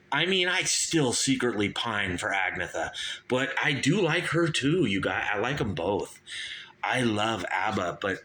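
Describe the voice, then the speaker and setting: A man's voice: on the low side, very animated, measured pace, pushed and bright, a little hiss or hum. A man in his fifties hosting a show, rambling through a casual music review and calling his listeners "you guys". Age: 50s. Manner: rambling, chatty, keeps saying "you guys". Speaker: show host.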